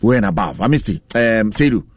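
A man hosting a radio sports talk show with a Ghanaian accent. He switches between Twi and English and reads out listener messages in a lively way. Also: on the low side, fairly quick. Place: radio studio.

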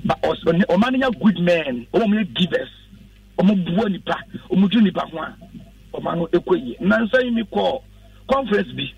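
A man, a pastor on the radio, speaks in an earnest, instructive preaching manner. His voice sits high and carries a gravelly edge. The sound is dry and dull, picked up from some distance off the mic. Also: big pitch swings, moderate pace, no room sound. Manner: earnest, instructive, quotes scripture. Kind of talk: preaching-style radio talk.

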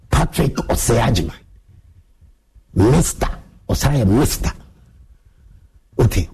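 A man's voice: on the low side, mellow, husky. A man with a Ghanaian accent, Twi his first language, giving a boastful, swaggering monologue as a show host.

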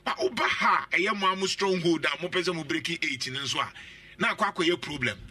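A man's voice: a little high, brisk, bright, forceful tone, faint music behind. A man hosting a radio talk show, pressing his guest with questions and repeating them.

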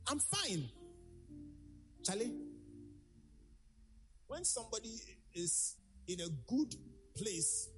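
A man's voice: high-pitched, low-quality recording. A man preaching a sermon with emphatic delivery, repeating his key phrases for the congregation.

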